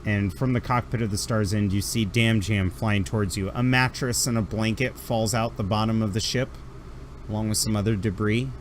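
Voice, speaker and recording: A man running a tabletop role-playing game as game master, narrating scenes and reacting to players with animated energy. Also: normal speed, slight background noise. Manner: animated, laughing, jumps into high character shouts.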